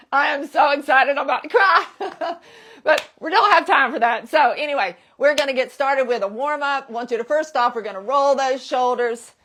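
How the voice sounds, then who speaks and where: A woman's voice: high voice, fairly bright tone. A woman in her sixties leading a live workout class, upbeat and encouraging, and whooping to cheer people on. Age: 60s. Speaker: fitness instructor.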